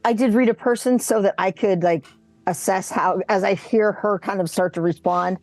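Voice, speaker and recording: A woman's voice: medium pitch, normal speed, a little mellow, dry recording. A woman playing a tabletop horror game, describing her character's actions and slipping into reassuring in-character lines. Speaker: player. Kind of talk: casual tabletop role-play.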